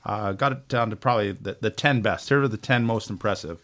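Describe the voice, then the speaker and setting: A man's voice: fairly low pitch, brisk, a bit bright. A man co-hosting a podcast, reading through a list of facts in a casual, joking way. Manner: reads a list with jokes and stumbles. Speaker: podcast co-host, researcher.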